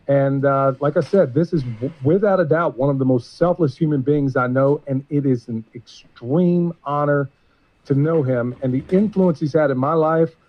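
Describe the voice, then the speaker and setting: A man's voice: on the high side, moderate pace. A man hosting a live-streamed show, introducing a guest in an earnest, emotional, rambling way. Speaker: podcast host. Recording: muffled lo-fi stream audio.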